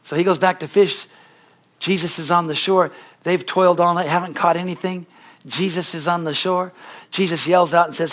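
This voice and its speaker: A middle-aged man preaching with a fairly high voice. He swings between easy storytelling and loud, climbing bursts, throwing "Amen?" at the congregation and talking to the kids in the room. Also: moderate pace. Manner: addresses children in the congregation. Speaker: pastor. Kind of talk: sermon.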